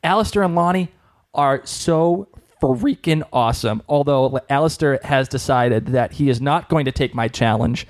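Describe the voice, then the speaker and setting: A man's voice: mid-range voice, normal speed. A man with a Boston accent co-hosting a podcast, joking and teasing in casual chat. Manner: playful and teasing. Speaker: podcast co-host.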